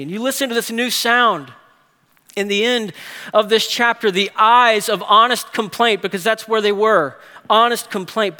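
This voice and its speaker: A man delivers a sermon in a high, bright voice, dropping to quiet, slow phrases and then rising into fast, emphatic bursts. His voice carries a long reverb, as if recorded in a large church hall. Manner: animated preaching with big swings from hushed to emphatic. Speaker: pastor.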